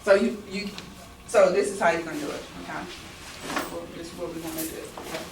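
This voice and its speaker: A woman's voice: on the low side, fairly even intonation, fast. Woman director coaching a rehearsal; off-mic, roomy, noisy background. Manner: instructive, repeating "okay?" to check understanding. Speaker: film director. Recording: roomy, distant mic, clear background noise.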